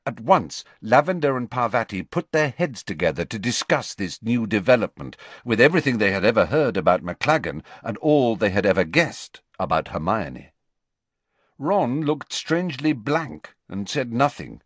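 Highly animated male audiobook narrator. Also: moderate pace, no echo. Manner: expressive, varied storytelling. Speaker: audiobook reader.

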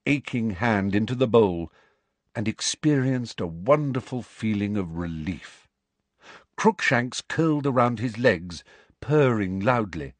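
Husky guy reading a story aloud, lively ups and downs, dry close sound. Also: fairly low pitch, no room sound. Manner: expressive storytelling. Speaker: audiobook narrator. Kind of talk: scripted narration.

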